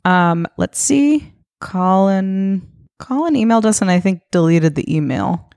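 A woman's voice: mid-range voice, animated, unhurried, gravelly, a little mellow. A woman co-hosting a podcast in casual, joking chat, reading out listener emails. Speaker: podcast co-host.

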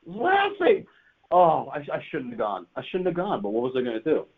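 A man's voice: medium pitch, fast talker, breathy edge. A man telling a wild story in a casual chat, laughing often and swearing freely. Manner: animated, laughing, profane storytelling. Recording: tinny phone-like line.

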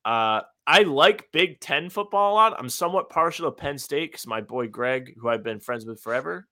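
A man's voice: medium pitch, lively intonation, moderate pace, sharp tone. A man co-hosting a casual sports podcast, telling rambling stories with mock indignation. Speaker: podcast co-host.

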